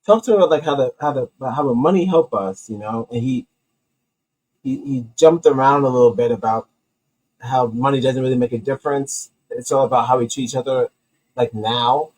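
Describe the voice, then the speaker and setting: A man with a husky, slightly rough voice hosts a homemade comedy commentary show. He rants in a heated, profane, rambling way, restarting sentences as he goes. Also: mid-range voice, a little fast, a little mellow, poor audio.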